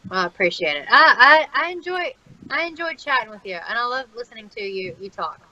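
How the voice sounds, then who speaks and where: A woman's voice: fairly high pitch, very animated, fairly quick, pushed and bright, muffled recording. A woman, an MMA fighter talking as a guest in a friendly, chatty way. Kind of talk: casual interview chat.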